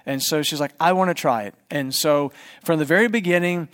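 A man's voice: a little high, brisk, a bit bright, clear, resonant tone. A man in his forties, a pastor, giving a conversational sermon in church and putting questions to the congregation.

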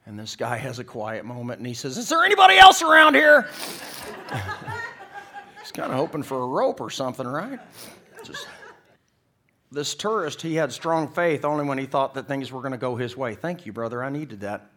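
Speaking at medium pitch and a moderate pace, a middle-aged pastor gives a church sermon. He spins folksy, humorous stories and acts out the people in the joke.

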